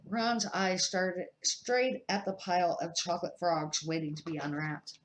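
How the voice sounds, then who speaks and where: Older grandma reading a kids' book out loud, careful and unhurried, stumbles and restarts now and then. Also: female voice, fairly low pitch, fairly even intonation, low-quality recording. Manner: unhurried read-aloud with slips and restarts. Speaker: grandmother reading aloud to children. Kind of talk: reading a children's book aloud.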